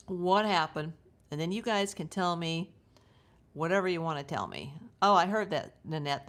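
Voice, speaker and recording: Chatty woman hosting a livestream, low voice. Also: fairly bright tone. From United States. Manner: chatty and digressive, talking to her viewers. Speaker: true crime livestream host. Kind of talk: live casual commentary.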